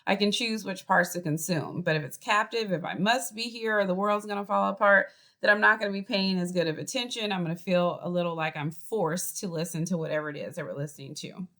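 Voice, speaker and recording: A woman's voice: fairly low pitch, fast talker. A woman professor with a Boston accent, giving a chatty online class lecture over a video call. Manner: lively, chatty teaching with acted example voices. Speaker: college professor.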